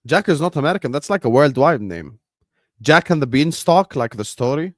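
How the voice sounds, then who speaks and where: A man's voice: fairly high pitch, big pitch swings, normal speed, no echo, clean studio sound. A man whose first language is Arabic, hosting a football watchalong stream and bantering casually with his chat in a joking manner.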